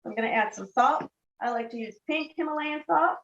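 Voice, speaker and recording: A woman's voice: sits high, fairly quick, reverberant. A woman giving a casual cooking demonstration in a kitchen, chatty and keeps checking in with the viewer. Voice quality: chatty, keeps checking in with "okay?" and "all right?". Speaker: product demonstrator. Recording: dull lo-fi sound with faint noise.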